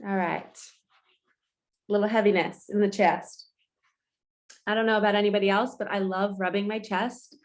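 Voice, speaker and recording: A woman's voice: medium pitch, steady tone, normal speed, long pauses. A woman giving a casual spiritual morning talk as a coach, chatty and earnest, laughing often and swearing casually.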